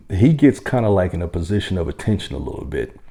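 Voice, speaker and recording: A man, a military veteran, telling a story in a casual, unhurried, conversational way with occasional chuckles. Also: deep voice, very animated, dark tone.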